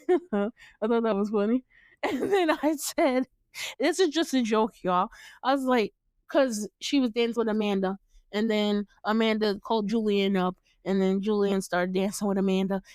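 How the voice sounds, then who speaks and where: A woman's voice: medium pitch, moderate pace, a little mellow, smooth, no room sound, clean studio sound. A woman from the United States, hosting a casual podcast, recapping a TV show, laughing often and acting out the characters' lines. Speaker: podcast host.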